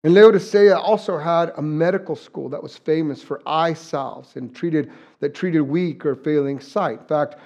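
Preaching in a relaxed, joking, folksy style, a middle-aged pastor from southern New Mexico keeps restarting his sentences. His voice is slightly high with a darkish tone.

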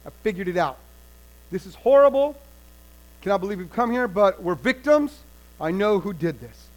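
A man's voice: high-pitched, expressive, moderate pace, poor audio. A man playing a king who is heavy with shame over his people's depravity. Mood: accusing. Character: ashamed old king, grieving then blaming.

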